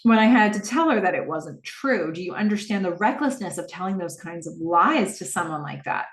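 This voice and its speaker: A woman's voice: fairly low pitch, expressive, a little fast, a bit bright, reverberant, recorded from a distance. A woman voicing an angry, indignant young man while recapping a TV episode.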